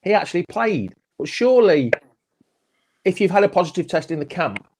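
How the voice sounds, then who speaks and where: A man's voice: fairly high pitch, a little mellow, slight background noise. A man hosting a live football fan chat show, chatty and friendly, tagging questions onto his remarks. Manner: chatty, friendly, asks many tag questions.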